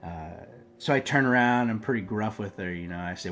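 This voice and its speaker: A man's voice: low-pitched, normal speed, fairly bright tone, faint music behind. A man telling a personal story in a loose, earnest, conversational way, often saying "you know" and "man". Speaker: storyteller sharing personal testimony. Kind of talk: casual spoken storytelling.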